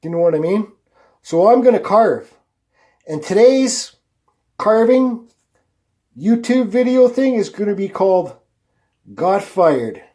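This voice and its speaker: Speaking slowly with frequent pauses, this woodcarving vlogger has a warm, animated voice that sits high. He chats to the camera in a blunt, meandering way, cursing without restraint.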